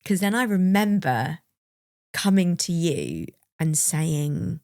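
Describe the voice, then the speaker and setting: Her voice sits on the low side with a darkish tone, slow and sing-song. A young woman co-hosting a podcast shares a personal story openly and reflectively, laughing at moments as she remembers. Studio quality, no echo.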